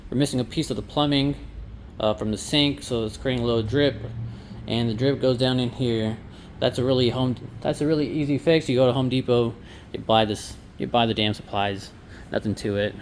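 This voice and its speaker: A man's voice: mid-range voice, fairly even intonation, a little fast, slight background noise. A man who owns a laundromat, talking casually through a walkthrough vlog with sarcastic asides. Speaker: laundromat owner. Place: inside a laundromat.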